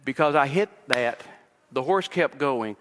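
Bright-voiced man preaching in a hall. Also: mid-range voice, lively intonation, measured pace, a little hiss or hum. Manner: expository preaching with personal stories, voice rising when emphatic. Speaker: pastor. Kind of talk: sermon.

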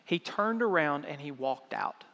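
Young male pastor, storytelling sermon, acts out quoted lines, slightly high voice, long hall reverb. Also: expressive, a little slow, fairly bright tone. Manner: conversational, acts out quoted dialogue.

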